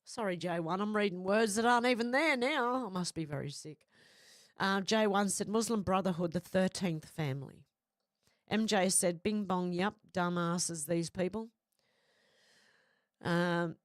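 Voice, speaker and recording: A woman's voice: lowish voice, no room sound, clean studio sound. A woman who has a cold and a runny nose, chatting casually on a livestream and reading out viewer comments with frequent apologies.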